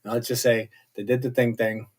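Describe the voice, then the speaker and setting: Guy rambling thru a tv recap, chatty, jokey little asides, middle pitch. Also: flat delivery, fairly quick, slight background noise. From not British. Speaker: show host recapping a series. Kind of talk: casual spoken episode recap.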